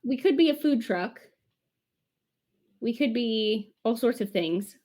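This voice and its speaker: A woman's voice: a little high, animated, slow, dark tone. A woman chatting casually as a tabletop game player, thinking aloud hesitantly with many restarts. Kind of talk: casual chat.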